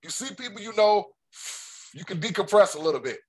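A man's voice: high voice, lively intonation, brisk. A man hosting a podcast, chatting casually in a friendly, slangy way and asking loose questions. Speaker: podcast host. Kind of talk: casual interview chat.

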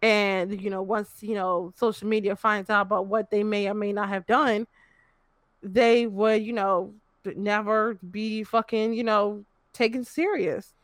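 A woman's voice: mid-range voice, steady tone, measured pace, no echo. A young woman in her twenties frankly telling a personal story in casual chat, swearing and filling with "you know".

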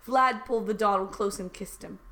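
A woman co-hosting a comedy podcast, reading a silly explicit story aloud in a dry, deadpan way and often cracking up. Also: mid-range voice, fairly quick. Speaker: podcast co-host reading fan fiction aloud. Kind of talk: comic read-aloud with banter.

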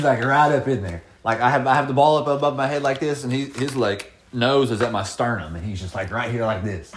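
A young man in his twenties spins stories in loose, casual chat, full of swearing and bursts of laughter. His voice sits at an ordinary middle pitch. He talks with easy, animated energy. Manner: profane, animated storytelling with laughs. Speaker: podcast co-host telling stories.

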